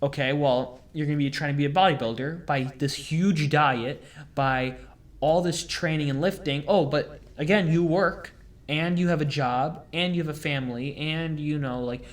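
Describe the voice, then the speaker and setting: A young man hosting a casual podcast, rambling through stories and acting out quotes in high voices. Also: normal speed. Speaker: podcast host.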